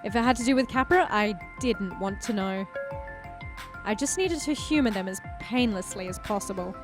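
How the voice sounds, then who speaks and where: A woman's voice: mid-range voice, normal speed, music in the background. A woman hosting a video game playthrough, reading the story narration and making chatty, self-mocking asides. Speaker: let's play host. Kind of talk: casual gameplay commentary and reading narration.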